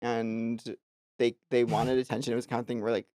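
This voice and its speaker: A man's voice: mid-range voice, fairly quick, dry recording, studio quality. A man co-hosting a podcast, telling stories in a casual chat and acting out the people in them. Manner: animated storyteller, acts out voices. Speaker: podcast co-host.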